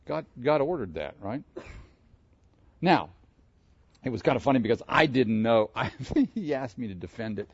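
A man preaching an interactive sermon, asking his congregation questions in an animated way. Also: mid-range voice, moderate pace, gravelly, pauses often, husky, no echo, dull audio. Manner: animated, asks the room questions. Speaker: pastor.

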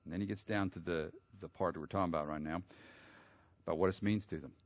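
A man's voice: low-pitched, fairly even intonation, fast, no room sound. Preacher man with a dull, dry sound. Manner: reads scripture aloud, then explains it, building to loud emphatic peaks. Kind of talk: sermon, expository Bible teaching.

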